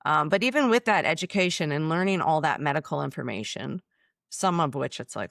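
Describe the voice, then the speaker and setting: A woman's voice: low voice, expressive, brisk, vocal fry, a bit bright, dry recording, studio quality. A woman speaking bluntly and emotionally about her own illness, filmed in her office. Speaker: chiropractor and author. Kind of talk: personal testimony.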